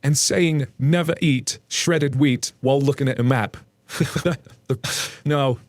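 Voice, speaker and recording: A man's voice: mid-range voice, slow pace, dry recording. Chatty British man reading stories. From United Kingdom. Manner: chatty, laughs often, jokey asides. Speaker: reddit story reader. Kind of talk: casual commentary reading posts.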